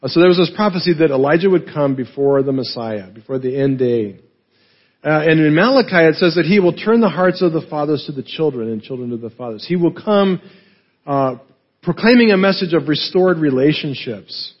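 A man's voice: a little high, expressive, brisk, highs cut off. A man preaching a teaching sermon, explaining as he goes with frequent "right?" and filler words. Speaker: pastor.

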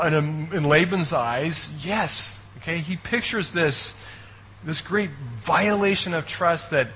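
A man's voice: fairly high pitch, bright, forceful tone, slight background noise, poor audio. A man preaching a sermon in a conversational way, often checking in with his listeners and adding wry asides. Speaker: pastor.

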